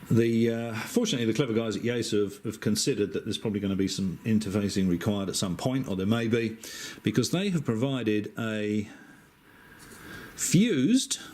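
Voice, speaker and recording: A middle-aged man with an Australian accent, an amateur radio operator, talking through a wiring diagram in a relaxed, chatty way, with frequent hesitations and dry asides. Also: medium pitch, a little hiss or hum. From Western Australia. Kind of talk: casual technical explanation.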